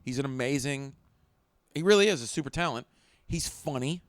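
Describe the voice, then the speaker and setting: A middle-aged man talks loosely on a podcast, plugging gigs and riffing with his co-host. His voice sits at an ordinary pitch, and it is recorded close and dry with no room sound. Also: normal speed, no room sound. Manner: animated, joking, puts on silly voices. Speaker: podcast co-host and stand-up comic. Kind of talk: casual chat.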